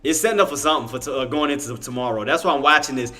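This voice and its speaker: A man from Louisiana, Cajun accent and all, gives casual, eager play-by-play on stocks over a livestream, loaded with Southern slang and self-corrections. His voice is mid-range and he speaks very fast.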